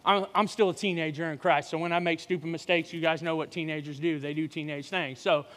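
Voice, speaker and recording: A man in his forties, a guest preacher, giving a sermon with lively joking banter with the congregation. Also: fairly high pitch, brisk, long reverb tail. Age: 40s. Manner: joking, energetic crowd banter. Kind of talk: sermon with audience interaction. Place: church hall.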